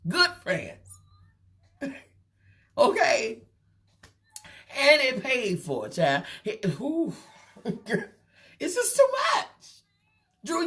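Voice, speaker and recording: A woman hosts a live gossip stream in an unhurried, drawn-out delivery. Her pitch swoops up and down as she teases, laughs and repeats lines for effect. Her voice sits high and lively for her register. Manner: animated, teasing, laughs often, calls out "child" and "baby"; repeats and draws out phrases for effect. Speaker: host of a live gossip show. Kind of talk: live casual gossip commentary.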